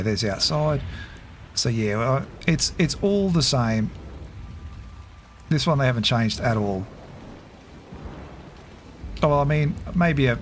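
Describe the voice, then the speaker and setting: A middle-aged man, casually commentating a game on a live stream, chatty and quick to laugh as he thinks aloud. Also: medium pitch, slight background noise.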